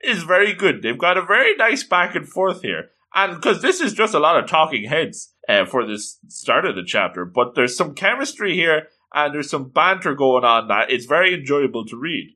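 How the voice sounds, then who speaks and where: A man reading a novel aloud with playful, animated commentary between passages. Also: a little high, normal speed, hardly any pauses. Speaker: reader and commentator.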